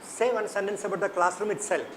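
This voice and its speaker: A man's voice: high-pitched, quick pace, low-quality recording. Man, Indian English accent, workshop trainer, asks the class questions, faint background hiss. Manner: questioning, repeats points to the class. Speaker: teacher trainer. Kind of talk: interactive workshop teaching.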